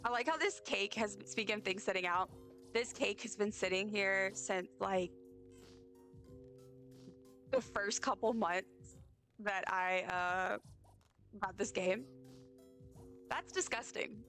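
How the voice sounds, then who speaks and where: A woman streamer with a hoarse, partly lost voice, chatting casually and rambling to her chat while she plays. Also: medium pitch, takes it slowly, long pauses, fairly bright tone, faint music behind.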